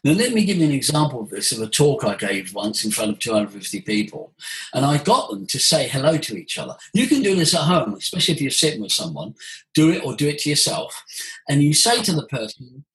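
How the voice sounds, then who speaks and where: Animated man coaching voice. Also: medium pitch, a little fast, rough recording. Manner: animated, demonstrates vocal sounds. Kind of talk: conversational teaching.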